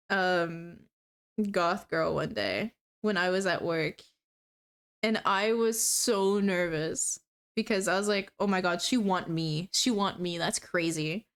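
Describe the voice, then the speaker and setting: A woman's voice: mid-range voice, a bit bright, clean tone. A young woman in her twenties chatting casually on a live stream as she repairs a cosplay, rambling and laughing as she talks. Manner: giggly, rambling storyteller with frequent laughs and fillers. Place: home room while crafting. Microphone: streaming setup.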